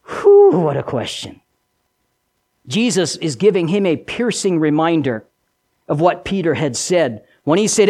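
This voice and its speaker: Animated high-voiced male preacher. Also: measured pace. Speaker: pastor. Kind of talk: sermon.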